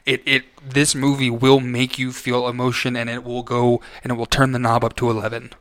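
A man talking through his opinion of a film in a loose podcast chat, circling back and restarting his sentences as he goes. His voice sits at an ordinary middle pitch, and the recording is close and dry, with no room sound. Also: monotone, brisk, fairly bright tone, no echo. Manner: rambling, frequent restarts and self-corrections. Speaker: podcast co-host. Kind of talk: casual film review chat.

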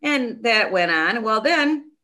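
A middle-aged woman telling a long story in a casual interview, chatty and animated, with many restarts. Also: fairly high pitch, slow pace. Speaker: nonprofit founder, guest.

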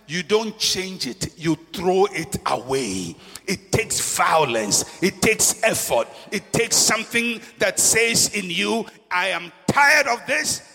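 Preacher man, high and gravelly, dramatic sermon, long hall reverb. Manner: dramatic, swings from soft to shouting.

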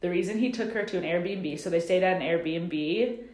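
A woman's voice: fairly low pitch, moderate pace, a little mellow. A woman co-hosting a podcast, chatting and laughing as she recaps a TV show, with lots of "like" fillers, recorded without a proper mic. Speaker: podcast co-host. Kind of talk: casual chat recapping a TV show. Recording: echoey room, no proper mic.

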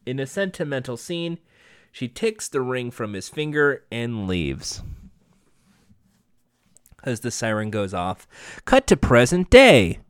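Sarcastic man recapping, lively pitch. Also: slow pace, long pauses, smooth, no room sound, studio quality. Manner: sarcastic, profane, rambling. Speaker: show recapper. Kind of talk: casual episode recap.

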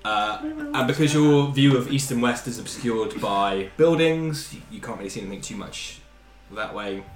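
A man narrating as game master of a tabletop game, talking softly and trailing off. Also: medium pitch, normal speed, hardly any pauses, roomy sound, music in the background.

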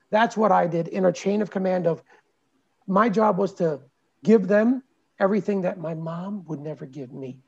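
Husky high-voiced man telling his story. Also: lo-fi sound. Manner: earnest, animated retelling with acted quotes. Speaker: podcast guest. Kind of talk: personal storytelling in conversation.

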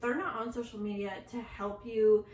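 Chatty young mom with a higher voice. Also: female voice, steady tone, normal speed, a little mellow. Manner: chatty, confiding, filler-heavy. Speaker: mom and podcast co-host. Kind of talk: casual chat. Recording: echoey room, far from mic, faint hiss.

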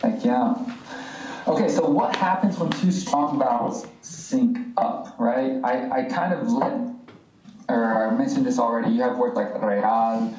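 Laid-back joking man, mellow voice. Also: mid-range voice, animated, a little slow, slight background noise. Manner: jokey, laid-back, slangy. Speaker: co-host of a language podcast. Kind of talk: casual teaching chat. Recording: echoey room, distant mic.

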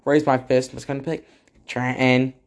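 A teenage boy talks in a loose, casual ramble, cracking jokes as he goes. He fills gaps with ums and wanders into side comments, and his voice sits at an ordinary middle pitch. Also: normal speed, a little mellow. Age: teens. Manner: rambling, joking, lots of fillers and asides. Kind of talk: casual spoken tribute to a friend.

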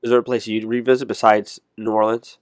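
Talking a little fast in a flat, lowish voice, a man muses casually about where he'd like to travel, often backtracking to correct himself. The recording is dry and clean, studio-grade.

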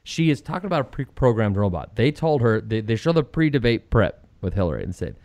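A man's voice: mid-range voice, brisk, dry recording. A middle-aged man hosting an opinionated political talk show, telling stories sarcastically and mocking the people he quotes. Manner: sarcastic, lively storytelling with mocking quoted voices. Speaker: radio talk show host.

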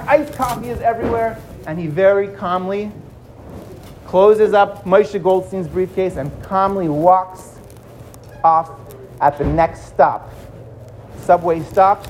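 A man telling a dramatic story to children, swinging between loud and hushed. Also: sits high, a little hiss or hum.

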